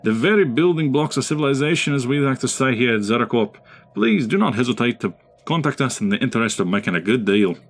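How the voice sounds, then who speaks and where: A man voicing a small male dwarf corporate trader with a put-on Scottish accent and a smooth sales pitch. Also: lively intonation, quick pace. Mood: salesy.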